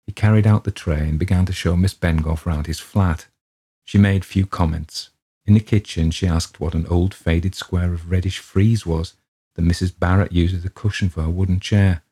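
Deep, husky-voiced man reading a story. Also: steady tone, moderate pace, mellow. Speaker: audiobook reader. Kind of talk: storybook narration.

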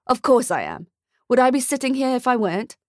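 A woman voicing a tired middle-aged man working as a mall Santa, patient with a dry, gently wry way of talking. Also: fairly high pitch, very animated, brisk, no echo, pitched above the performer's own voice.

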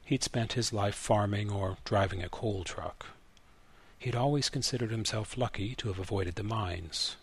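A man narrating a literary short story in a measured, even way. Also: lowish voice, breathy edge. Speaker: story reader.

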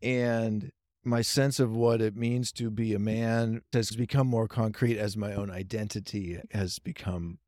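A man hosting an interview, talking in a reflective, measured way and affirming his guest. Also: lowish voice, steady tone, a little mellow, dry recording, studio quality. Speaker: podcast host. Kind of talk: conversational interview.

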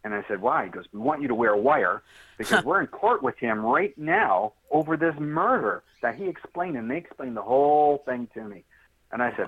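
A man guest on a podcast interview telling a story in a straightforward, animated way and acting out the dialogue. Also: medium pitch, a little fast, husky. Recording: tinny phone line.

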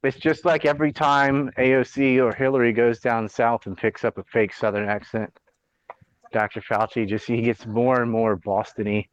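A man's voice: medium pitch, fairly even intonation, normal speed, no echo. Man ranting bluntly on dull, dry audio. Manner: blunt, profane, sarcastic ranting. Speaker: podcast host. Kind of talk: casual political chat.

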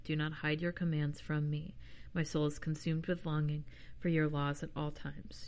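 Woman host, low pitch, reads scripture plainly, casual between passages. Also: a little mellow. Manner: chatty, self-deprecating asides. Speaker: podcast host. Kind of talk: reading scripture aloud with casual asides.

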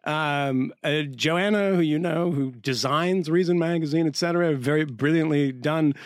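A man co-hosting a podcast in casual chat, telling lively stories and mimicking accents, with a few swears. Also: fairly high pitch, moderate pace, dry recording, studio quality. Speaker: podcast co-host.

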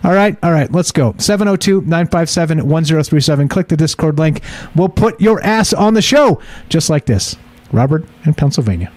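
A man hosts a late-night call-in radio show in a loose, ranting way, swearing as he goes. His voice sits a bit high for a man. The sound is close and dry. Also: expressive, a little fast, a little mellow, no room sound.

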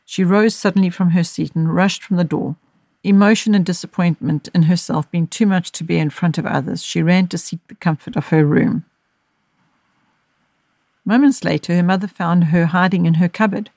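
Woman gently narrating a story. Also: fairly low pitch, fairly even intonation, no echo. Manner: measured, gentle reading. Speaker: audiobook narrator and podcast host.

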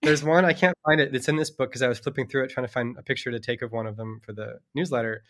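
A man's voice: mid-range voice, fairly even intonation, quick pace, a bit bright. A middle-aged man, a children's book author, chatting casually as a guest, rambling and chuckling with lots of "like" fillers. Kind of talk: casual conversation about books.

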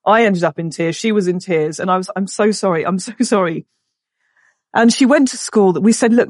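A woman in her forties, a podcast guest, tells a personal story emotionally, halting and restarting often. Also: on the low side, no echo, clean studio sound.

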